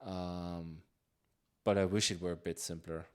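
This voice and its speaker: A man talks slowly in a low voice while he codes live, thinking aloud and circling back on his sentences. He keeps it loose and conversational, full of fillers and trailing restarts. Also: little pitch movement, smooth. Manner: reads chat questions aloud. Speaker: live-coding streamer. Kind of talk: casual live-coding chat.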